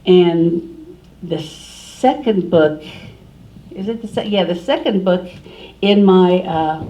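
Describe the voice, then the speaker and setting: A woman's voice: fairly low pitch, slow pace, warm tone. A woman author at a library forum, talking casually and correcting herself as she answers an audience question. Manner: scattered, self-correcting. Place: library meeting room. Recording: distant room recording with faint hiss.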